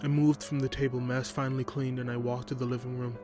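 A man narrates a first-person horror story in a flat, even voice that barely rises or falls. His pitch is ordinary for a man. Music runs underneath the whole reading. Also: fast talker.

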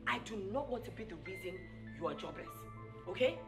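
A woman's voice: mid-range voice, animated, a little fast, natural voice. A woman with a Nigerian accent playing a defiant, scornful young woman who brushes off a former lover. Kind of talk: film drama acting. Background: music.

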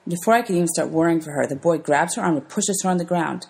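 A woman teacher reading a children's novel aloud to her students in a gentle, clear storybook manner. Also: deep voice, fast, hardly any pauses.

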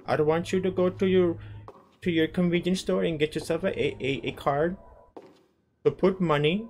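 A man voicing a pushy male telemarketer running a scam call, in a high mocking put-on voice. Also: steady tone, normal speed, a little mellow, a little hiss or hum, close to an everyday voice.

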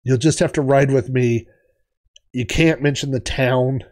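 A man doing a pushy British arcade dealer who talks low and hushed, urgent and conspiratorial, like a fast-talking salesman with a secret, pitched a touch below an average male voice. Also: fairly even intonation, natural voice. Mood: secretive.

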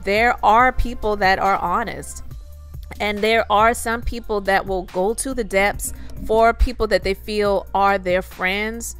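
Woman, channel host, earnest commentary, measured delivery, faint background music. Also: medium pitch, a bit bright, smooth. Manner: measured, earnest, explains at length. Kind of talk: commentary podcast monologue.

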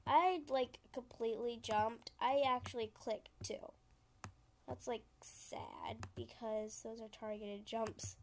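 A young woman talks through her computer game in a high voice. She takes her time and rambles casually. She grumbles at the game and breaks into giggles. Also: steady tone, slow, vocal fry, a little hiss or hum. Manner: chatty, easily frustrated, giggly. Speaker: gaming channel host.

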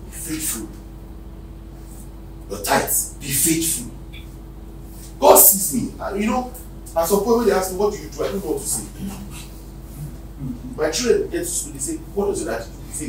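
A Nigerian-accented man preaching a sermon as pastor, swinging from loud shouted exhortations to quiet near-whispers. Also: a little high, sing-song, normal speed, long pauses. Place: church hall. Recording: echoey hall, distant mic, faint noise.

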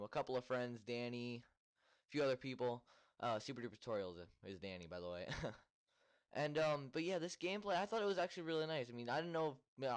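A man's voice: mid-range voice, clear, resonant tone. Rambling young man doing gameplay commentary. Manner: rambling, lots of ums, complains with mild annoyance. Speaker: gaming commentator. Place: home room.

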